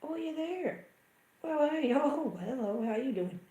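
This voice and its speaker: A woman's voice: high-pitched, animated, a little slow, mellow. A woman hosting a casual livestream, chatty and self-mocking, often muttering half to herself. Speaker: livestream host. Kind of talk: casual live chat. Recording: echoey room.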